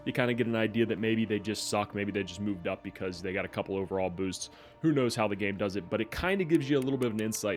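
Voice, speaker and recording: Low-voiced man chatting over gameplay. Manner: relaxed, chatty, many fillers. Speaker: gaming YouTuber. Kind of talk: casual gameplay commentary.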